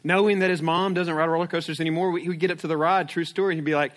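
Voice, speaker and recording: A man's voice: fairly high pitch, steady tone, racing, hardly any pauses. A man preaching a sermon, telling a family story with lots of restarts and "right?" check-ins, then reading scripture aloud. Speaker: pastor.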